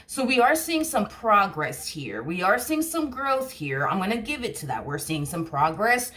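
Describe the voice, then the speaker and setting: A woman's voice: mid-range voice, very animated, normal speed, few pauses, a bit bright. Rambling woman tarot reader. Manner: rambling, heavy "you know" and "like" fillers, blunt swearing. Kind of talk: casual tarot reading.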